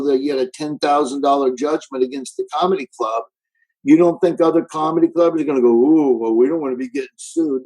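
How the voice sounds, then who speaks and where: A comedian guest talking remotely in casual chat, ranting emphatically. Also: male voice, fairly high pitch, creaky, warm tone, poor audio. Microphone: remote call.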